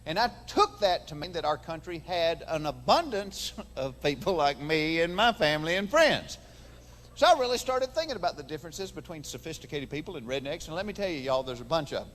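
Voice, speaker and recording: A man's voice: fairly high pitch, big pitch swings, brisk, fairly bright tone, in a large hall. A man from Georgia with a Southern accent performing a folksy stand-up comedy routine on a theater stage. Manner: folksy storytelling with voices. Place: large theater stage before an audience.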